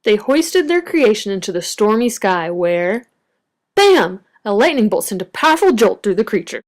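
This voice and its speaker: A woman reads a children's picture book aloud in a mid-range voice. Her storytelling is expressive and varied. She gives the story a gentle read-aloud lilt. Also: medium pitch, normal speed. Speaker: storybook reader.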